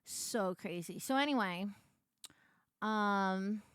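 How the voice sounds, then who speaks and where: Bright lively young woman streamer, casual chat, dry close mic. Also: mid-range voice, slow, clean tone, no echo. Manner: animated, laughing, shrieks when excited.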